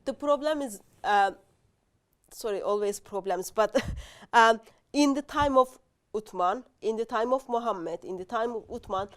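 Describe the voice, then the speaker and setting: Woman guest explaining stuff, bit high voice, stops and restarts a lot. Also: unhurried. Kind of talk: casual discussion.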